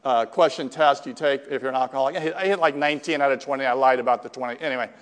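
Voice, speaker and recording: A man's voice: medium pitch, very fast, smooth. A middle-aged man telling a rambling, self-deprecating recovery story to a live group, with many restarts and quoted dialogue. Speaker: speaker sharing a recovery story. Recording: long hall reverb.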